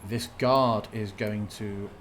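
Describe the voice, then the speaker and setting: A man's voice: on the low side, steady tone, takes it slowly, a bit bright, slight background noise. A man narrating a tabletop game as game master, thinking aloud as he checks rules.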